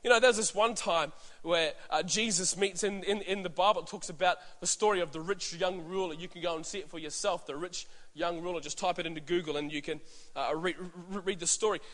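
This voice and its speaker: A man's voice: sits high, fairly quick, a bit bright. A man with an Australian accent, a pastor preaching a sermon and telling stories, acting out voices and restarting often. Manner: storytelling, acts out voices, many restarts. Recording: echoey hall reverb.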